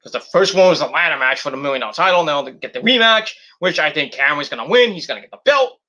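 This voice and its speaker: Fast and fairly high-voiced, a man breezily recaps a wrestling show in his vlog, swearing without restraint and animatedly acting out what was said.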